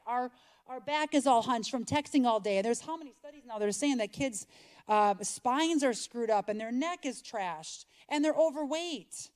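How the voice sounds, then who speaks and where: A middle-aged woman giving a chatty talk to an audience, animated and acting out little exchanges. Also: sits high. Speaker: speaker. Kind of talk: conference talk.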